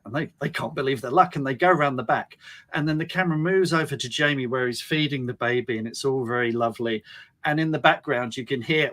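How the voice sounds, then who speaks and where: A man on a livestream podcast, telling a story in a rambling, animated way with many restarts. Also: fairly high pitch, brisk. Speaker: podcast host and writer.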